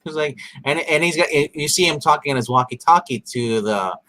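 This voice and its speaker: A man's voice: on the high side, lively intonation, moderate pace, bright, forceful tone. A man co-hosting a casual episode recap, retelling scenes animatedly and acting out the characters' lines with frequent laughs. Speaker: podcast co-host.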